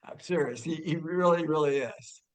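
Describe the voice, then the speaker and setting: A man telling a personal story among family and friends, animated and laughing, with stumbling restarts and bursts of shouting. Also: on the high side, moderate pace. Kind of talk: casual storytelling.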